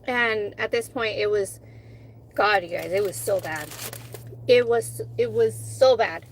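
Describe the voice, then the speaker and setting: A woman's voice: mid-range voice, measured pace, a little hiss or hum, poor audio. A woman vlogger in casual chat with her live viewers, candid, swearing freely and acting out conversations as she tells them.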